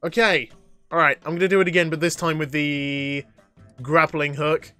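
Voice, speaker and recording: A fairly high-voiced young man does live gameplay commentary with excitable energy, breaking into laughs and sudden yelps as he plays. He reads viewers' questions aloud and chats back. Faint game music plays behind him. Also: moderate pace, clear, resonant tone. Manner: excitable, reads chat questions aloud and answers them, frequent laughter and outbursts. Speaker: gaming livestreamer.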